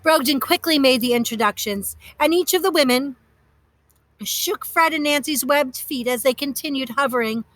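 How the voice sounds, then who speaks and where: A woman narrates a children's story in a lively, expressive way. Her voice is high and bright, recorded close and dry. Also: moderate pace, no echo.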